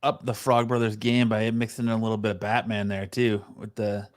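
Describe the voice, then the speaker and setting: Male podcast co-host, lowish voice, relaxed and teasing. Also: brisk. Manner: easygoing, teasing. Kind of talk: casual podcast chat.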